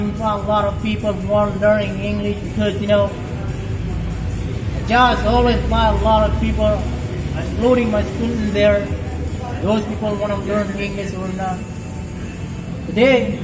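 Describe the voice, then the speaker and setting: Young Indonesian man rambling in English. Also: sits high. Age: 20s. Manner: rambling, heavy use of "you know". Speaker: English club leader. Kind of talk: casual vlog talk. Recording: echoey with loud music behind.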